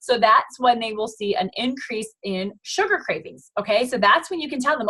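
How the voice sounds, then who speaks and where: Woman, young adult, fairly high voice, upbeat, animated, sales team coach, acts out customer chats. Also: moderate pace, few pauses, husky, rough recording. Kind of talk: training talk to a sales team.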